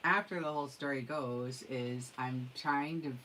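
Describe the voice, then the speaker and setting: A woman with a strikingly low, deep voice chats to her viewers as she shows off craft supplies. She gushes and gets excited, talking in a loose, casual way. Faint background noise sits under her voice. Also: a little slow, poor audio. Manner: gushing, excitable, chatty. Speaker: craft vlogger. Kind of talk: casual craft show-and-tell.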